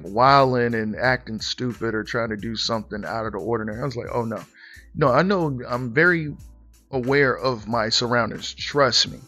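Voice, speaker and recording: A man's voice: mid-range voice, fairly bright tone. A man hosting a podcast, reading a news story aloud and then reacting to it bluntly and with laughter. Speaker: podcast host. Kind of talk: casual commentary on news.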